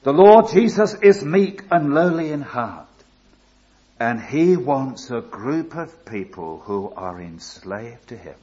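Older man preaching, slow deliberate delivery, emphatic appeals, dull lo-fi recording. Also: mid-range voice, big pitch swings, dark tone. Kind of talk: sermon.

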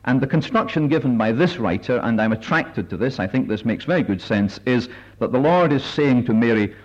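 Deliberate man preaching on a dull recording. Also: mid-range voice, expressive. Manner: deliberate and careful, many filler pauses. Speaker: preacher leading a Bible study meeting. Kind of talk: measured sermon-style talk with readings.

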